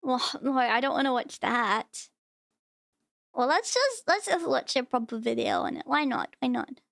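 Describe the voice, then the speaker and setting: A woman VTuber streamer reacting to videos on a live stream, excitable and giggly. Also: sits high, normal speed, creaky, no room sound, clean studio sound.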